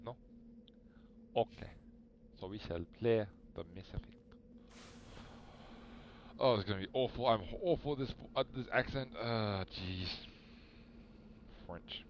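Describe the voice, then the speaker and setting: Male streamer, casual self-talk; low, slow delivery on a slightly dull mic. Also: a little hiss or hum. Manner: muttering to himself while searching. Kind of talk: casual live-stream chat.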